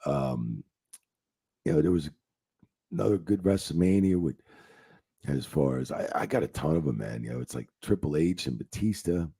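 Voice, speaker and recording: A man who is a former wrestling referee, telling profane, animated backstage stories in a casual interview and acting out the quotes. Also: extremely low pitch, normal speed, creaky, long pauses, husky, dry recording. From New Jersey.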